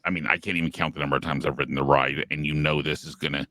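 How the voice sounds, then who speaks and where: A man co-hosting a podcast in casual chat, relaxed and matter-of-fact. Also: very deep voice, racing, dry recording. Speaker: podcast co-host.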